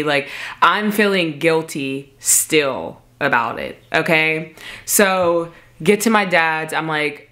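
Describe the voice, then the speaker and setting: A woman's voice: low voice, slow, sharp tone. A woman telling a personal story in a casual storytime vlog, emphatic and peppered with "like". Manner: casual, emphatic, heavy filler "like". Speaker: vlogger.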